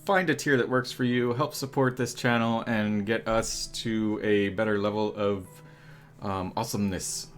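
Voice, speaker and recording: A man's voice: on the low side, steady tone, normal speed, soft background music. A man hosting a live tabletop game stream, upbeat and rambling with fillers. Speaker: host and player. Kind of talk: casual live-stream chat.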